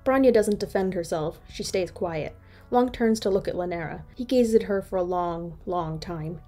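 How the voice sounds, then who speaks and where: A woman's voice: on the low side, normal speed, warm tone. A woman reading a second-person fan story aloud as narrator.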